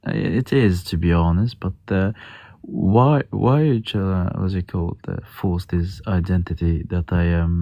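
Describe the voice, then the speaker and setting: A man from Djibouti debating calmly on a live stream, hesitant and full of fillers. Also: deep voice, measured pace, no room sound. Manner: patient, hesitant, many fillers and restarts. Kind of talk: casual debate.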